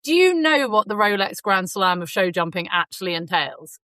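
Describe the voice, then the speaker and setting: A woman hosting a podcast, telling stories in an animated, chatty way. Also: medium pitch, normal speed, no echo, poor audio. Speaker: podcast host. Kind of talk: casual podcast chat.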